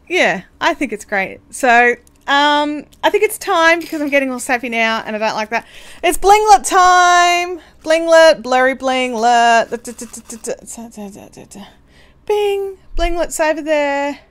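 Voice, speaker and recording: A woman's voice: a little high, a bit bright. An Australian woman hosting a casual craft livestream, chatty and bubbly, rambling with lots of fillers. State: hiccups. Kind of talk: casual live chat.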